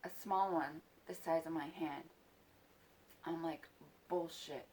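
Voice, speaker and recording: A woman's voice: low-pitched, steady tone, measured pace, darkish tone. A woman in her forties tells an emotional personal story. She swears freely, her voice rises when she is angry and drops almost to a whisper. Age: 40s.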